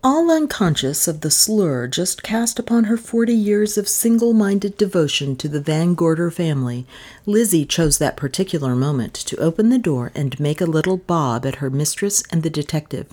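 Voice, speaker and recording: A woman's voice: sits low, animated, normal speed, dark tone. A woman reading a mystery novel aloud as an audiobook narrator, telling the story expressively. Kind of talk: scripted narration.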